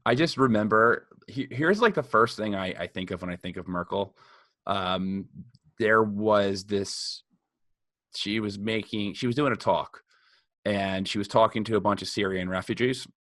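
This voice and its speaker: A man's voice: fairly low pitch, normal speed, a bit bright, no echo. Joking young man, dry close sound. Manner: blunt, joking, laughs while telling stories. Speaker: podcast co-host. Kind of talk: casual chat.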